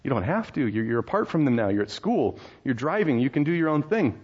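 A man in his thirties preaches a sermon the way you'd talk to friends, telling family stories and asking the room rhetorical questions. His voice sits at an ordinary middle pitch. The recording is a little dull and muffled. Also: sing-song, brisk, a little mellow, husky. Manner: conversational, storytelling with laughs and rhetorical questions. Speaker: pastor.

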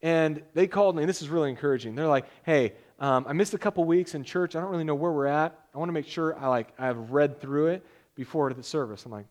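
A man, a pastor, giving a casual, conversational sermon with jokes, reading scripture aloud in a measured way. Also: fairly high pitch.

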